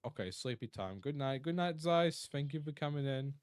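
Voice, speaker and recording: A man's voice: on the high side, animated, normal speed, smooth, dry recording, studio quality. A tired Australian man chatting casually on a live stream, rambling and reading out chat messages. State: tired, yawning.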